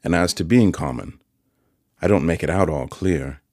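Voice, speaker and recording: A man voicing a kindly, simple-spoken village blacksmith in an audiobook, with earnest, gentle country speech. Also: sits low, normal speed, dry recording, clean studio sound. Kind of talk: audiobook character voice.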